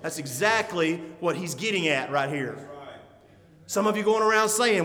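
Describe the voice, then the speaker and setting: A man's voice: high voice, expressive, moderate pace, sharp tone, in a large hall. A man from Alabama, preaching a folksy sermon that rises to fervent exhortation. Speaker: pastor.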